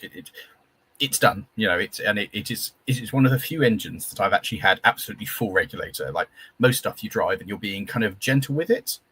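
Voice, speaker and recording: A man's voice: lowish voice, a bit bright, breathy edge. A young man chatting casually as a guest on a live stream, with lots of stumbling restarts and enthusiasm.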